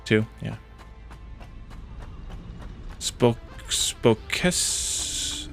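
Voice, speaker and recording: A man's voice: on the low side, normal speed, a bit bright, faint music behind. A man streaming a video game, chatting casually with viewers and thinking aloud as he plays. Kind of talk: casual let's-play commentary.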